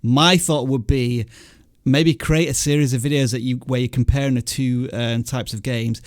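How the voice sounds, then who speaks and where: A man hosting a livestream in a chatty, easygoing way, often breaking into laughter. His voice sits at a mid pitch, and the sound is dry and close to the mic with no room echo. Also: fairly even intonation, moderate pace. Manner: chatty, laughs often, reads viewer messages aloud. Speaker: livestream host. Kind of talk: casual livestream chat.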